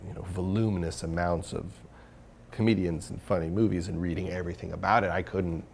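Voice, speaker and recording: A man's voice: low-pitched, fairly even intonation, fairly quick, gravelly, a little mellow, breathy edge. A man talking candidly in an interview as the guest, rambling with many fillers and restarts. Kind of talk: casual interview conversation.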